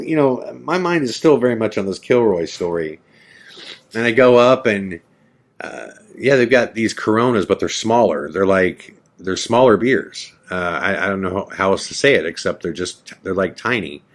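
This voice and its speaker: A man hosting a podcast, telling a personal story in a casual way and acting out his own past lines. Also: on the low side.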